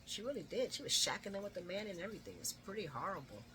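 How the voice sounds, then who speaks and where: A woman casually chatting through a recap of a soap opera episode, animated and laughing often. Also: mid-range voice, racing, noisy background.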